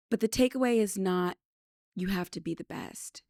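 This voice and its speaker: A woman's voice: medium pitch, normal speed, vocal fry, no room sound. Canadian-born woman podcaster, chatty storytelling, dry close mic. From British Columbia, Canada. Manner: chatty and animated, acts out quotes. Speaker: podcast host. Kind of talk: casual storytelling monologue.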